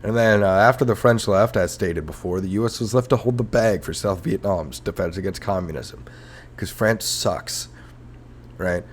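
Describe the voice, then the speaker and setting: A man's voice: sits low, normal speed, a little hiss or hum. A man hosting a comedic history podcast, rambling and sarcastic, with frequent profane rants. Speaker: podcast host.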